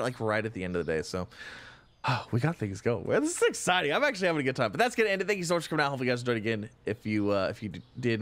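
A man hosting a casual let's-play, chatty and excitable, thinking aloud with frequent exclamations. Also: medium pitch. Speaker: gaming channel host.

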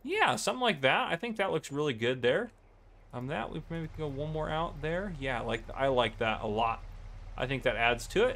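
A man's voice: medium pitch, a bit bright. A man casually commenting on his farming game, easygoing and rambling with lots of fillers. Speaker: gameplay channel host.

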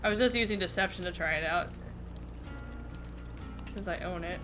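A woman's voice: lowish voice, moderate pace, bright, forceful tone, soft background music. A woman streamer chatting casually from her home gaming room, rambling and poking fun at herself. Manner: rambling, self-deprecating.

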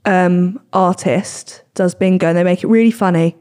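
A woman's voice: fairly low pitch, steady tone, normal speed, a little mellow, clear, resonant tone. Chatty young woman podcaster. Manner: chatty, self-deprecating, rambling. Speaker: podcast host. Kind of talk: casual podcast chat.

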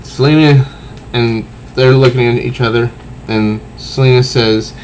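A man reviewing a comic book, walking through the panels in a methodical, unhurried way. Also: medium pitch, fairly even intonation, darkish tone, slight background noise, poor audio. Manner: unhurried, methodical, pauses between phrases. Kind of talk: slow, deliberate comic review, reading panels aloud.

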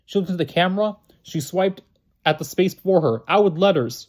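A man reads a novel aloud in a plain, unpolished way. His voice sits a little higher than most men's. He often trips over words and goes back to restart them. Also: fast talker, darkish tone. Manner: plain reading with frequent slips and restarts. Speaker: reader.

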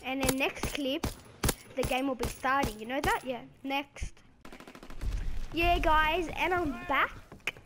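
A woman commentating her own gameplay, excitable, with playful trash talk and sudden outbursts, game music and gunfire behind. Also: sits high, slow, long pauses, noisy background. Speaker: gaming video creator.

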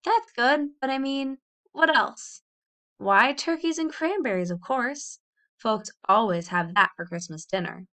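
A woman reading the part of a fretful, loving pioneer mother who sighs and scolds gently. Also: fairly high pitch, measured pace, pitched above the performer's own voice. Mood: brisk.

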